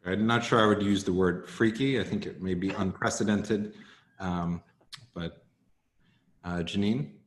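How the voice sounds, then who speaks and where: A man's voice: low voice, unhurried, roomy sound. A man chairing a video-call meeting in an earnest, emphatic way, calling on speakers.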